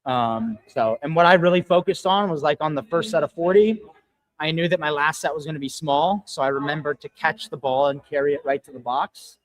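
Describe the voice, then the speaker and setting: Animated, profane man chatting, higher voice. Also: a little fast, dry recording, rough recording. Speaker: gym owner and regular co-host. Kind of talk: casual live podcast chat. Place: gym.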